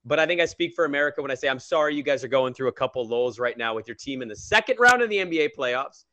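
A young man co-hosting a sports podcast, teasing and joking in casual, energetic chat. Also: mid-range voice, fast, no echo. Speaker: podcast co-host.

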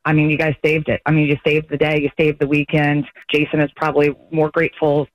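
A woman caller telling an emotional story on a morning radio show, animated and earnest. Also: sits low, quick pace, no room sound, muffled recording. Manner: earnest, animated, voices others in quotes.

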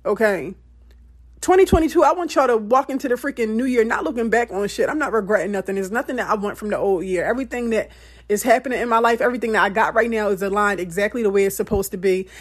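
A woman giving a candid motivational monologue, blunt and emphatic, often profane, with lively swings in pitch. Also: fast talker. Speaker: motivational speaker.

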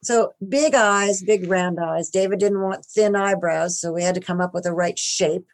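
Animated lower-voiced woman recounting film work. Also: moderate pace. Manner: animated, rises in pitch when excited. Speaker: film makeup artist, guest. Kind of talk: interview, casual storytelling.

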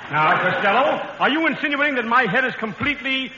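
A pompous windbag professor. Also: male voice, very high-pitched, lively intonation, fast, bright, forceful tone, heavily acted. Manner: pompous, long-winded, declaiming. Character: pompous bald male professor of public speaking. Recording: dull old radio broadcast, roomy hall.

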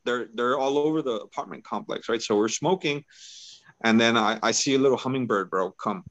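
A man's voice: medium pitch, a little fast, a bit bright, no room sound, muffled recording. A man as a podcast guest, telling a personal story in a laid-back, casual way and peppering his talk with "bro" and "right?".

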